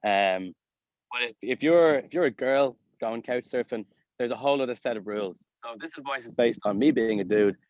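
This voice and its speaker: A man's voice: medium pitch, normal speed, no echo, highs cut off. A man in his thirties with a Dublin accent, a podcast guest telling travel stories in a chatty way, full of fillers and restarts. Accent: Dublin Irish. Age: 30s. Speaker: podcast guest, hostel co-owner. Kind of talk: casual storytelling interview.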